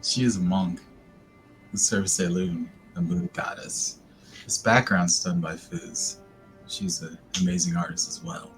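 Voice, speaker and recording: A man's voice: low-pitched, big pitch swings, unhurried, faint music behind. A man introducing his tabletop character in a laid-back way. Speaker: player. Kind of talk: casual tabletop chat.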